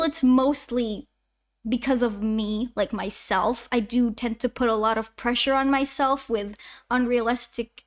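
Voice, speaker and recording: On a livestream, a twenty-year-old woman from Canada who makes animations on YouTube rambles through answers to chat questions. Her voice sits on the high side, and her casual talk is chatty and full of self-interruptions.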